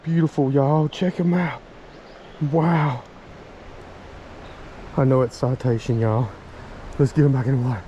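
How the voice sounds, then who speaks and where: A man from Virginia, narrating his fishing outdoors by a creek, excitable and chatty with viewers. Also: medium pitch, a little slow, pauses often, muffled recording. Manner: excitable, exclaiming, talks to viewers as y'all. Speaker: fishing vlogger. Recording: faint stream and outdoor noise.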